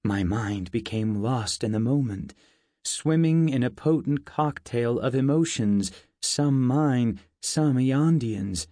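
A man narrating a first-person fantasy story in a measured, unhurried audiobook reading. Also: medium pitch, expressive, dark tone, no room sound, studio quality.

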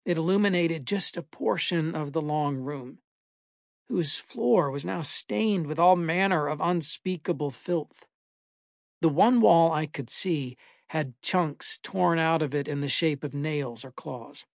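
A man reading a first-person horror story aloud in a measured, dramatic way. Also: fairly high pitch, gravelly, no echo, clean studio sound. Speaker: narrator. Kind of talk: scripted horror story narration.

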